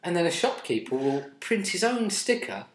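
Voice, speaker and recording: A man's voice: high-pitched, very animated, normal speed, roomy sound. A man chatting casually as a co-host, often stumbling and repeating words as he starts a sentence. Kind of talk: casual chat.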